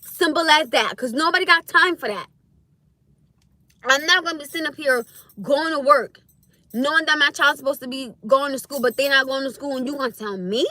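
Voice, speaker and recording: A young woman talks straight to her livestream viewers in a high, bright voice, blunt and insistent. She leans on repeated phrases to hammer home each point, keeping the tone casual and unfiltered. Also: a little fast, dry recording. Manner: blunt, emphatic, repeats catchphrases. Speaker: livestream host.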